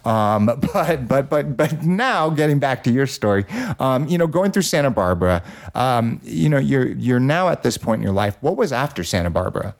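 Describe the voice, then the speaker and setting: A man's voice: medium pitch, sing-song, normal speed, vocal fry. A man hosting a casual podcast chat, telling a personal story in a loose, profane way full of fillers. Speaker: podcast host.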